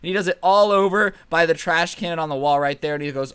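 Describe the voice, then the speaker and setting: Sarcastic young man with a clear voice. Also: on the high side, fast, dry recording. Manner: sarcastic, animated, rambling. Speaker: storytime vlogger. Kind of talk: comedic storytime narration.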